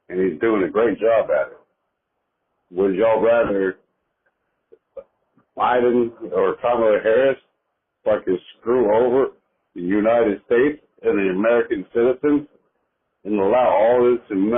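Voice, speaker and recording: A man's voice: lowish voice, husky. Ranting male caller on a tinny phone line. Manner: combative, ranting.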